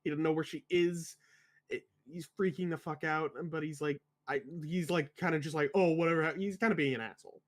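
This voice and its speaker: A man's voice: a little high, fairly quick. Profane, laughing man with a raised voice. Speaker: podcast co-host. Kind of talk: casual film discussion.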